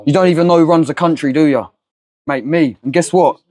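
High-voiced taunting man. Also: a little fast, a little mellow. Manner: taunting, mocking, repeats "mate". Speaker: second confronter in a sting. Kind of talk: heated street confrontation.

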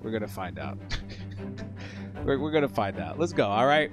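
Excitable male gaming host, chatty and jokey, over game music. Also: fairly low pitch, a little slow, long pauses. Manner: excitable, joking, talks to the characters. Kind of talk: let's play commentary.

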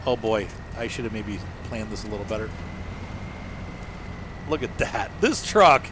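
A man's voice: lowish voice, a little slow, noisy background. A man streaming a truck game with a friend, joking and thinking aloud as he drives. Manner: animated and joking, thinking aloud while driving. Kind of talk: casual gameplay chat.

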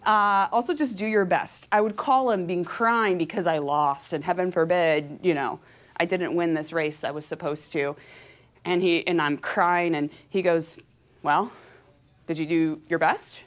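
A woman from California giving a motivational talk to an audience, energetic and chatty, laughing often and speaking with open feeling. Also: fairly low pitch, normal speed. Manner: emotional and openly heartfelt. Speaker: professional cyclist giving a talk.

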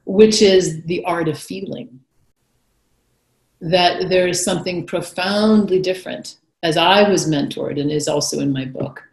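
Low-voiced woman in an echoey room. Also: a little slow, vocal fry. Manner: reflective, shifting between animated retelling and soft whispered passages. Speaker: guest author. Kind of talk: conversational interview talk.

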